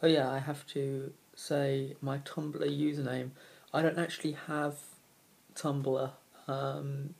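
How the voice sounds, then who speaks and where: A man's voice: medium pitch, gravelly, darkish tone. A young man from London with an English accent, chatting casually on a vlog and reading out a word list, blunt and sweary with dry humour. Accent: English, London area. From Kingston upon Thames, London. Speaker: vlogger.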